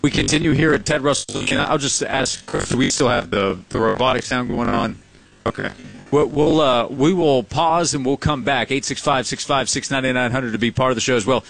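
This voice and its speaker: A male sports radio host with a gravelly, mid-pitched voice. His banter is brisk and joking as he broadcasts live from a car showroom. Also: fairly bright tone, faint music behind.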